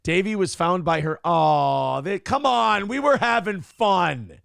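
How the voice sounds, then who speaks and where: Brief: male morning-show co-host, gravelly and fairly high-voiced, swearing and joking through casual banter. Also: takes it slowly, dry recording, studio quality. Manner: profane, joking, animated riffing.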